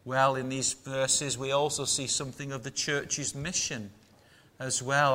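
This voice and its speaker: A man preaching a sermon to his small congregation in a measured, emphatic manner with rhetorical questions. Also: mid-range voice, little pitch movement, bright, forceful tone.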